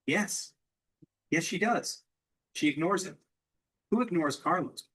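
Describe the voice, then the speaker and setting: A man's voice: a little high, lively intonation, takes it slowly, a bit bright, husky, rough recording. A man teaching English through a question-and-answer drill, asking simple questions and repeating the answers back.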